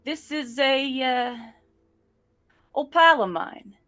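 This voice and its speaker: A man voicing a brash, friendly woman who owns a security company, in a high put-on voice. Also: animated, slow pace, sharp tone, exaggerated voice. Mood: breezy.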